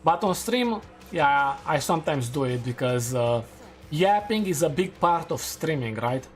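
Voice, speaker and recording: Guy streaming a game, english not his first language, kinda high voice, faint music behind. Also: animated, unhurried. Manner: chatty, self-amused, laughs at his own takes. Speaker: gaming streamer. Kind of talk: casual gameplay commentary.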